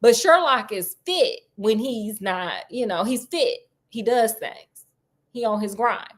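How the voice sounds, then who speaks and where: A woman's voice: a little high, expressive, slow. A woman storyteller retelling a classic detective tale in a chatty, slangy way, talking straight to her listeners.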